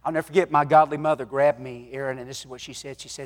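A man preaching a sermon, telling folksy stories and swinging between loud exhortation and hushed moments. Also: mid-range voice, fairly even intonation, quick pace. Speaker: pastor. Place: church sanctuary. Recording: long hall reverb.

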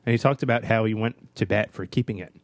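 A man's voice: on the low side, fast, no echo. A man co-hosting a podcast, chatting casually with dry humor and reading listener emails aloud. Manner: laid-back, dry humor, short replies. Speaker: podcast co-host.

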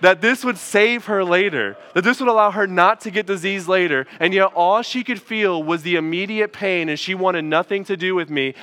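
A man preaching a sermon in a loose, chatty way, turning often to the congregation with quick asides. His voice sits a little high and rings bright and forceful. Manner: casual, conversational preaching with frequent asides to the congregation. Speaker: pastor. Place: church.

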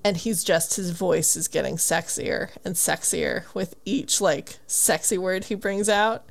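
A woman's voice: lowish voice, measured pace, creaky. A woman co-hosting a book podcast, chatting casually and eagerly retelling scenes from a book. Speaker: podcast co-host.

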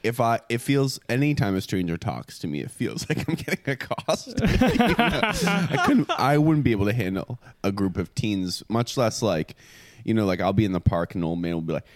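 A young man co-hosting a podcast in loose, joking chat. His voice sits low but leaps all over in pitch. He talks in an animated way. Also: moderate pace, few pauses. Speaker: podcast co-host. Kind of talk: casual chat.

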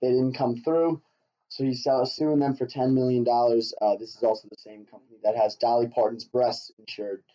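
A man rants in casual podcast chat, swearing freely and laughing between stories. His voice is mellow and relaxed, with a middle pitch. The recording sounds dull and lo-fi. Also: normal speed. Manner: profane, ranting, laughs often. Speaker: podcast co-host.

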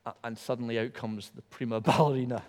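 A man preaching a sermon in a church, animated and emphatic, repeating words for stress. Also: medium pitch, quick pace. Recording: long hall reverb.

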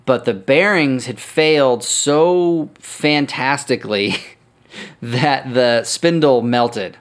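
A man hosting a podcast tells a story casually and slowly in a medium-pitched voice, swearing freely and correcting himself along the way.

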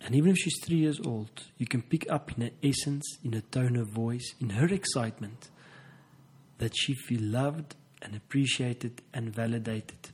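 A man speaking as a couples therapist in a reflective motivational talk, with slow, earnest and emphatic phrasing. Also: mid-range voice, husky, poor audio.

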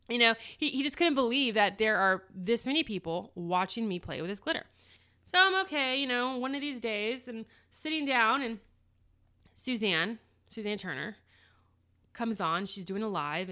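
A woman casually telling a personal story about starting her small business, animated and lively. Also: medium pitch, normal speed. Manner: animated, lively retelling with acted quotes.

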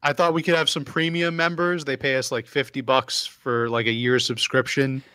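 A man co-hosting a podcast, talking in a halting way with restarts, casual banter. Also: medium pitch, flat delivery, sharp tone, smooth, no room sound, clean studio sound. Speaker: podcast co-host.

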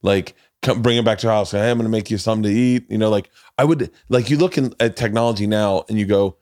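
Man, podcast host, rambling casual chat, swears a lot, fairly low voice, dry close sound. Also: fast talker, darkish tone, no echo. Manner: rambling, profane, acts out quotes in others' voices.

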